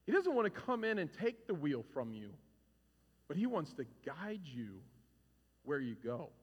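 A man in his forties preaching a sermon as a pastor, animated and conversational, acting out stories with shouts. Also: a little high, unhurried, breathy edge, muffled recording. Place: church hall. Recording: reverberant hall.

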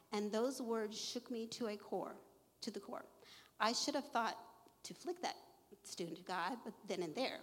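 A middle-aged woman sharing her faith testimony, earnest and emotional, quoting scripture to a live audience. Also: medium pitch. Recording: long echo of a large hall.

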